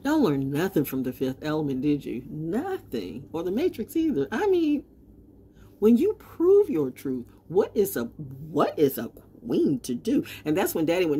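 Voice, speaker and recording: A woman in her sixties giving a defiant, rambling monologue, swinging from loud outbursts to low mutters. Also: very animated, normal speed, slightly rough. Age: 60s. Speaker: vlogger. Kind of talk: unscripted monologue.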